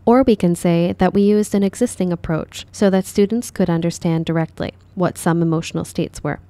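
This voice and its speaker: Mellow, low-voiced woman teacher. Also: fairly even intonation, a little fast, no room sound. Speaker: drama teacher. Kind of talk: dubbed classroom explanation.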